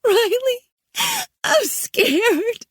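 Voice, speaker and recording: A woman voicing a frightened teenage girl, high and pleading, on the verge of tears. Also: moderate pace, no echo, clean studio sound, natural voice. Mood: terrified.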